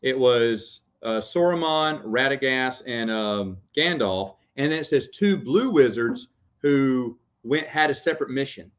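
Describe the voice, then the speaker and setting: A man's voice: medium pitch, lively intonation, a little slow. A young man chatting casually on camera, rambling, laughing often and breaking off to talk to his baby. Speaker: vlogger. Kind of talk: casual chat. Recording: dull lo-fi sound.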